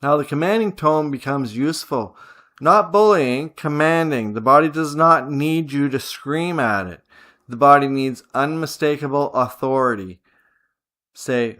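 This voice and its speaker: Slow, chanting man with a raised voice. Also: a little high, fairly bright tone. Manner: slow, repetitive, chant-like incantations; commanding, measured instructions. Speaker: spiritual teacher. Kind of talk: guided visualization teaching.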